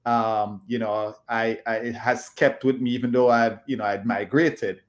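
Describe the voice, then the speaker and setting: This is a man in his fifties, talking as an interview guest at a mid-range pitch. He speaks in a halting way, full of ums and restarts. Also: little pitch movement. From Jamaica. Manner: halting, filler-heavy speech. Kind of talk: casual interview talk.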